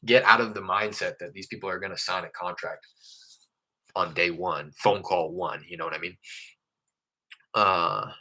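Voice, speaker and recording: A man's voice: sits low, steady tone, normal speed, pauses often, sharp tone, rough recording. A young adult man talking casually on a vlog about following up with leads, candid and conversational, sometimes acting out his phone calls. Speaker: real estate wholesaler vlogger.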